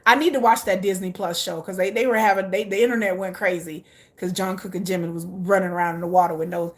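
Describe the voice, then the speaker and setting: A woman's voice: fairly low pitch, fairly even intonation, quick pace. A woman vlogger chatting casually, gushing and laughing often while reacting aloud to viewer comments. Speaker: K-pop vlogger. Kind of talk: casual chat.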